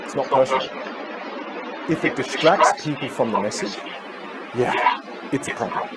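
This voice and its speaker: A man speaking as a communication coach in a live talk, energetic, emphatic and playful. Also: medium pitch, moderate pace. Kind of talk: live motivational talk on stage. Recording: live stage with loud crowd and noise.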